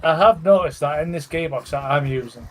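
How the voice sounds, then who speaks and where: A man's voice: on the high side, fairly quick. A man chatting casually with his co-player while gaming, in short, dry remarks.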